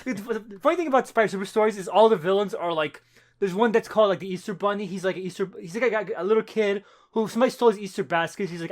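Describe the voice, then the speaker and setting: A man with a high voice rattles along quickly in casual podcast chat. He tosses in puns and quoted comic lines. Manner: quick, jokey, punning asides. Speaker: podcast panelist.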